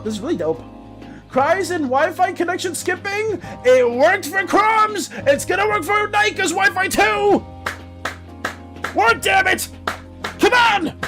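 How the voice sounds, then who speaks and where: A woman hosting a live art stream in a bright, slightly high voice that swings widely in pitch. She talks in a loose, chatty way, greeting and thanking viewers as she goes. Music plays clearly behind her. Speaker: artist streamer. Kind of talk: casual live-stream chat.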